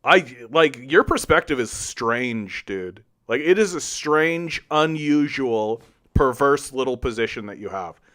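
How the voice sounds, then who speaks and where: A man's voice: mid-range voice, expressive, unhurried, a bit bright. A man hosting a solo political commentary show, arguing with chat in a combative, sarcastic and profane way. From Canada.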